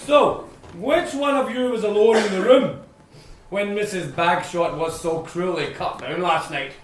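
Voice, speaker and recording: A man's voice: high voice, measured pace, background noise. A man playing a pompous, bumbling police inspector who blusters and mangles his words, in an amateur stage play. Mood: blustering. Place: stage in a hall. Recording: echoey hall from far off.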